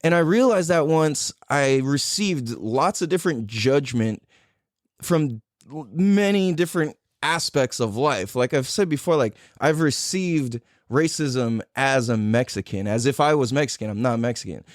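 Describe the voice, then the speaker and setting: A man hosts a podcast and tells a personal story in loose, casual speech, with plenty of "like," "dude" and swearing. His pitch rises and falls a lot as he acts out his own past reactions. The recording is dry and close. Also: animated, a little slow, no echo. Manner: loose and profane, full of "like" and "dude". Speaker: podcast host.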